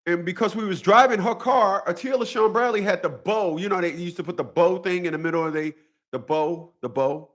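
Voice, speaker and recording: High-voiced and fairly bright, a vlogger talks a little fast straight to his viewers. The monologue is casual and profane, circling back on itself as he preaches through his story.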